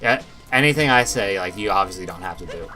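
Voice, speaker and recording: Male gaming guest, animated pitch swings, opinionated rant style, clear game music behind. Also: quick pace. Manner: opinionated, ranty, jokingly teasing. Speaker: guest co-commentator. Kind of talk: casual let's-play chat.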